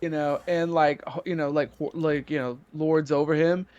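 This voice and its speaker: A man's voice: a little high, normal speed, clear, resonant tone. Casual male tabletop player, hesitant delivery, muffled lo-fi recording. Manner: relaxed, hesitant, many "uh"s. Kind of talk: casual tabletop game chat. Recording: dull lo-fi mic.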